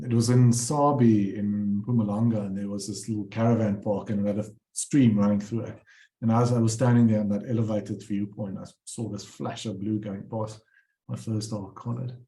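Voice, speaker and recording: A man's voice: fairly low pitch, warm tone, reverberant. A man presenting his bird paintings, telling rambling anecdotes with many fillers and restarts. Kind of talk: casual storytelling talk.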